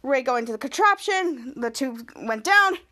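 High-voiced woman recapping a TV episode. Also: animated, pushed and bright. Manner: halting, repeating words as she retells scenes. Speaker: podcast host.

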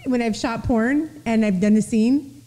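A woman's voice: on the high side, warm tone, in a large hall. Crude, laughing young woman host. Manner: blunt, crude and laughing, quick interjections. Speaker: podcast host. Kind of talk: casual interview chat.

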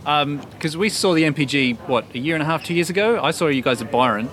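Fast-talking interviewer. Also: male voice, on the high side, lively intonation, background noise. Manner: quick, thoughtful questioning with fillers. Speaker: podcast co-host and interviewer. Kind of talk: casual interview questions.

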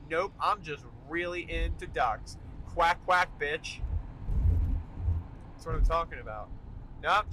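Bright-voiced young man ranting while driving. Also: a little high, poor audio. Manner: animated, ranting, emphatic asides. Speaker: podcast host. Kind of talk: solo commute podcast rant. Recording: faint car noise behind. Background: car road noise.

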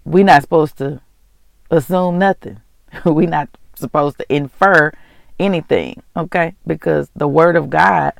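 Devotional vlog host, gravelly voice, dry close sound, chatty and heartfelt. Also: medium pitch, measured pace, dry recording. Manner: chatty, addresses listeners directly as y'all, laughs often; earnest and heartfelt, often moved to tears. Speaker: host of a faith podcast and vlog. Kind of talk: casual devotional talk.

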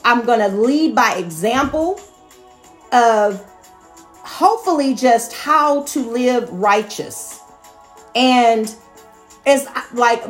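A middle-aged mother talking casually to viewers, earnest and repetitive, with laughing asides. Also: mid-range voice. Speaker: mother sharing her views.

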